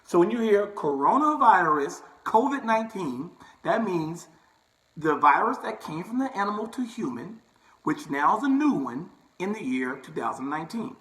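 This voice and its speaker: A young barber who vlogs tells his viewers a personal story in a casual way, often checking in with "right?" and "okay?" His voice is high and a bit bright, swings widely in pitch, and moves at normal speed. The audio quality is poor.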